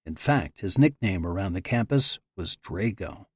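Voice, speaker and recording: A man narrating an audiobook thriller in an even, measured reading. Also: low voice, slightly rough, dry recording, studio quality. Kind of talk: scripted narration.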